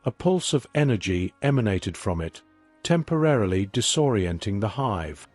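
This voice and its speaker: A man giving a scripted story narration in a measured, even reading. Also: fairly low pitch, dry recording, soft background music.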